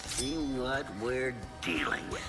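An actor voicing a calm, menacing male robot doll from a horror film, speaking slowly in a soft, eerily even tone. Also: mid-range voice, over loud music.

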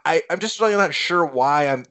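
A man co-hosting a casual movie chat, halting and restarting as he thinks aloud about the film. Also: fairly high pitch, expressive, pushed and bright. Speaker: podcast co-host.

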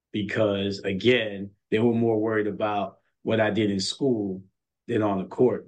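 A middle-aged college basketball coach with a lowish voice tells stories emphatically in a casual interview, repeating words as he builds toward a point.

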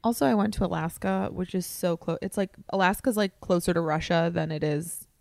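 A woman's voice: fairly low pitch, fairly quick, vocal fry, a little mellow, dry recording, clean studio sound. A young woman co-hosting a casual chat, telling stories in a chatty way and saying "like" a lot. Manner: chatty storyteller, heavy use of "like". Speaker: podcast co-host.

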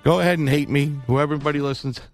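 A man's voice: on the high side, fairly even intonation, racing, faint music behind. A man co-hosting a boxing podcast, giving blunt, emphatic opinions in casual chat.

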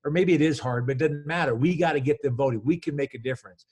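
A man in his fifties, a college basketball coach, telling stories in an energetic, rambling way with many restarts. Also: a little high, fast talker, husky. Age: 50s. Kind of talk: casual storytelling interview.

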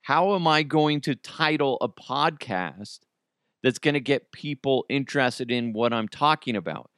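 With a clear, resonant, slightly bright mid-range voice and a measured pace, a podcast host delivers a casual monologue on his own show. He rambles, jokes at his own expense, laughs a lot and does silly voices, and the studio-quality recording is dry.

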